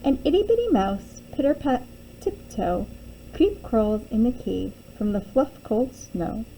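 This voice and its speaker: Expressive woman reading a children's book. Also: a little high, measured pace, slight background noise, rough recording. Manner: expressive, sing-song storytelling with voiced characters. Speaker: teacher reading aloud. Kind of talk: children's picture book read-aloud.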